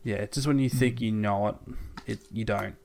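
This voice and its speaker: A man's voice: lowish voice, steady tone, normal speed, vocal fry, a little mellow, slight background noise. A man with an Australian accent, co-hosting a casual podcast with a friend. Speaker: podcast co-host. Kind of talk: casual chat.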